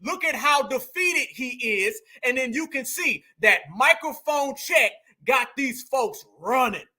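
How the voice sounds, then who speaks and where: A man's voice: extremely high pitch, expressive, unhurried, bright, forceful tone. A man hosting a heated online reaction commentary, mocking as he talks to his chat.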